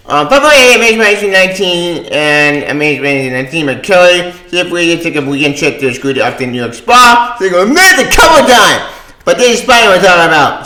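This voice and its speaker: A man ranting on his own channel, swearing, shouting and exasperated. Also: on the high side, echoey room, low-quality recording. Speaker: comic book vlogger. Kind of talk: angry rant.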